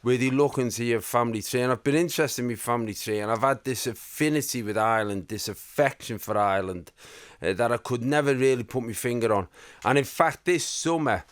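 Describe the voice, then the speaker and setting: A man's voice: medium pitch, fairly quick, no echo, clean studio sound. A middle-aged man with a Scouse accent, a comedian chatting as a guest and telling stories, often repeating words as he starts a sentence. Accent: Liverpool Scouse. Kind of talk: casual chat.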